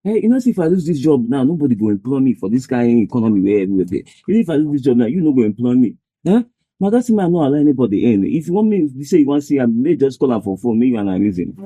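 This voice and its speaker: A man's voice: medium pitch, sing-song, racing, mellow, breathy edge, dry recording. An actor playing an anxious gateman who pleads in rambling Nigerian Pidgin, with a Nigerian accent. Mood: pleading. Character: anxious male gateman pleading to keep his job.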